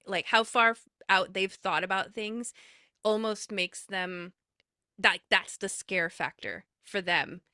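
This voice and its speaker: Bright-voiced woman chatting eagerly. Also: medium pitch, slow, dry recording, clean studio sound. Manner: eager, talks with lots of fillers and restarts. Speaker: podcast guest. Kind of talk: casual chat.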